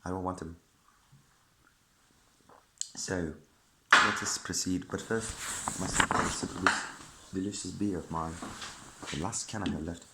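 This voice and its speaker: A man's voice: sits low, fairly even intonation, unhurried, long pauses, heavy background noise. A man chatting casually to his viewers in a rambling way, often breaking off mid-sentence, and sometimes reading aloud from a book. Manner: rambling, self-interrupting, chatty asides to viewer.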